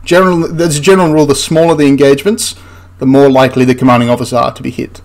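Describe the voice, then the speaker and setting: A man's voice: medium pitch, flat delivery, rapid-fire. A man giving casual commentary over film clips as a history commentator, sarcastic and exasperated, laughing in disbelief.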